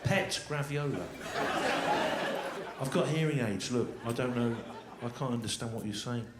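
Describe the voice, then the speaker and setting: A man's voice: medium pitch, moderate pace. A man doing live stand-up with crowd work on stage, talking in a dry, repetitive, mock-exasperated way. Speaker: stand-up comedian. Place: large live comedy venue, on stage. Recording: echoey live venue, loud noise. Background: audience laughter.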